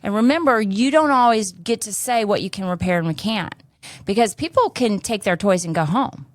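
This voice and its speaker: Woman podcast host, mid-pitched, blunt and profane, dry close sound. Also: lively intonation, normal speed, dry recording. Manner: blunt, salty, cusses freely. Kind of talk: candid casual chat.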